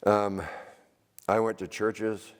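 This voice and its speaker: Recorded in a reverberant church hall, an older retired Army veteran delivers a relaxed seminar talk to a church group. His fairly low voice is smooth, slow, and level as he rambles plainly and laughs at his own anecdotes.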